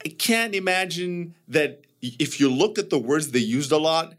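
A man in a casual podcast conversation, talking in an animated way and swearing when he gets emphatic. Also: a little high, a little slow.

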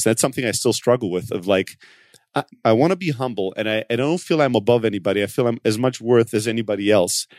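A male podcast co-host speaking in a casual, halting way, with constant restarts and stutters. His voice swings high when he gets worked up, then settles back to a mid-range tone. It sounds dry and close to the mic. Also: dry recording. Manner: halting, with many restarts, and animated outbursts when quoting himself. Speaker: podcast co-host, company founder. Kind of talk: casual conversation.

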